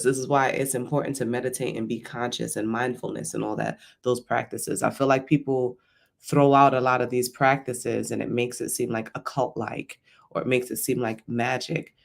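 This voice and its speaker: A man talks casually to his viewers in a motivational vlog, rambling and checking in with "right?". His pitch is mid-range and his delivery is loose and conversational. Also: vocal fry. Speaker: vlogger.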